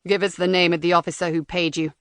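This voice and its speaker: A woman's voice: on the low side, quick pace, clear, resonant tone, no echo, clean studio sound, pitched below the performer's own voice, lightly acted. A woman reading an audiobook voicing a cold interrogator with a disguised robotic voice. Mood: menacing. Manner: cold, flat, threatening.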